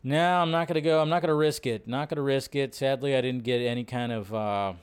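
A man's voice: mid-range voice, fairly even intonation, brisk, clean tone. A man hosting a casual livestream, chatting with viewers and reading their messages aloud. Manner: chatty, greets viewers and reads chat aloud; talks to himself while fixing his setup. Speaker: livestream host. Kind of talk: casual live-stream chat.

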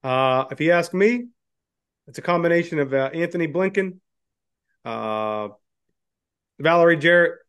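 A man co-hosting a podcast, reading news items aloud and chatting, with frequent "uh" pauses. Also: a little high, animated, fairly bright tone, smooth. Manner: drawling, many "uh" pauses. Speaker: podcast co-host. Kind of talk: casual political chat, reading news aloud.

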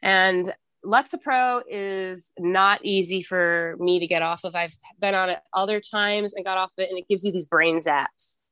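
A woman's voice: fairly low pitch, a little slow, pushed and bright, clear, resonant tone, dry recording. A young woman as a podcast guest and author, speaking candidly and freely about her life, rambling and swearing often.

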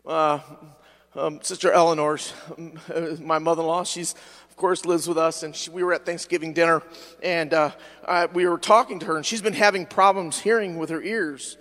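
A middle-aged man preaching a fervent sermon as pastor, slowing down and stretching words for emphasis. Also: a little high, steady tone, a bit bright. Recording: long church reverb.

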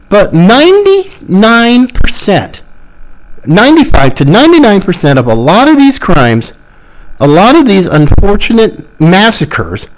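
A man's voice: on the high side, poor audio. A man hosting a podcast, delivering sarcastic, exasperated political commentary. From Florida. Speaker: podcast host.

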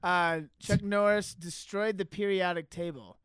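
A man's voice: high-pitched, steady tone, a little slow, fairly bright tone, clear, resonant tone, no room sound. A man hosting a comedy podcast, upbeat and joking with his co-hosts. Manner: upbeat, joking, laughs easily. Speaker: podcast host. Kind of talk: casual comedy podcast chat.

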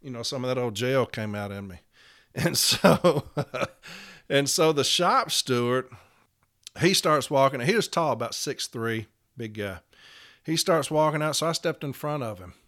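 In a storytelling monologue, a man with a medium-pitched, animated, fairly bright voice recounts a workplace confrontation at a measured pace. Speaking as a union representative, he's blunt and profane and acts out both sides of the argument.

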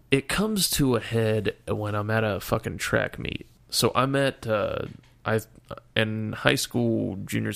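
A man's voice: medium pitch, vocal fry, fairly bright tone. A young man casually retelling a story in a profane, exasperated way. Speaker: storyteller guest.

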